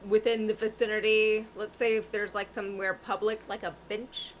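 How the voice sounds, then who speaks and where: A young woman playing a tabletop role-playing game, chatting in a relaxed, rambling way with fillers. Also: mid-range voice, moderate pace, slight background noise, poor audio. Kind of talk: casual chat.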